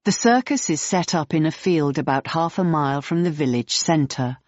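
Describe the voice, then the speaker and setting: A woman narrating an audiobook in the third person, steady and clear. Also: low voice, moderate pace, no echo, lo-fi sound.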